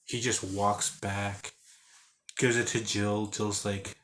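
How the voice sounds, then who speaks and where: A man's voice: lowish voice, level tone, takes it slowly, a bit bright, slight background noise. A man casually recapping a video game he played, rambling with lots of "like" and restarts, and acting out characters with growls and sound effects. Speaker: game reviewer.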